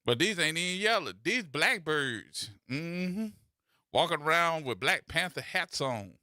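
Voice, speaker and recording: A man hosts a casual radio talk show and spins playful, teasing stories. His voice is bright and sits a little high, with lively swings in pitch. The studio sound is dry and close. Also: a little slow, dry recording.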